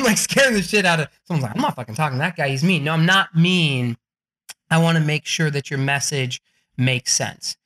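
In an energetic podcast interview, a middle-aged author and book coach speaks quickly and excitedly. His pitch is full of profanity and jokes, and the whole manner comes across as salesy.

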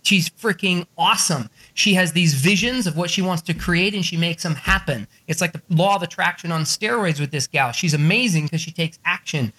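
A middle-aged man, an author and book coach, talking fast and excitably in a podcast interview, swearing and joking as he pitches. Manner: excitable, profane, jokey, salesy. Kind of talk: energetic podcast interview talk.

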